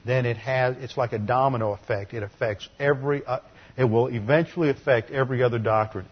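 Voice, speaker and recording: Husky-voiced man preaching a sermon. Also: mid-range voice, muffled recording. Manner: earnest teaching with wry asides. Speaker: pastor. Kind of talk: expository sermon.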